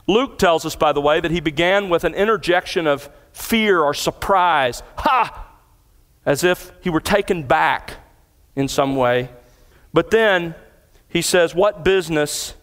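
A man's voice: fairly high pitch, clear, resonant tone. Preaching man in an echoing hall. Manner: earnest, emphatic, explains scripture verse by verse. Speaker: pastor. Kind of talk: expository sermon. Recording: long hall reverb.

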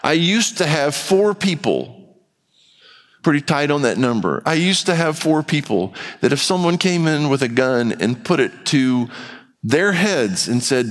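A man's voice: a little high, big pitch swings, a little slow. Man preaching in a reverberant hall. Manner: conversational preaching with acted-out quotes and rising intensity. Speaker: pastor. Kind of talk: sermon. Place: church.

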